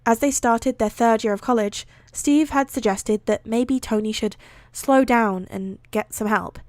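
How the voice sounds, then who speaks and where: A woman's voice: a little high, measured pace, a little mellow, no room sound, clean studio sound. A woman streamer reading fan fiction aloud on a live stream, giggling and breaking off to react. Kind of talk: live-stream read-aloud with chatty asides.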